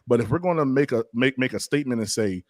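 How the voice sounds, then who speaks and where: A man's voice: mid-range voice, expressive, fast, darkish tone, dry recording, clean studio sound. A man, a pastor defending himself in a casual debate, stammering and laughing things off. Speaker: pastor and podcast guest.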